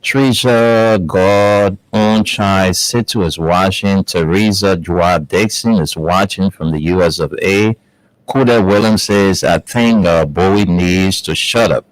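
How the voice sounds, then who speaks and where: A man's voice: low voice, slow, no echo, low-quality recording. A man, hosting a morning show and reading viewer comments at an easy pace, with asides and many fillers. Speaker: host.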